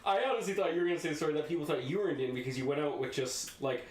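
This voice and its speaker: A man with a slightly high voice trades jokes and casual swearing with his friends on a podcast. The sound is echoey, with a faint noise floor. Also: lively intonation, rapid-fire. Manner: joking banter, swears casually. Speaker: podcast co-host. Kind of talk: casual chat.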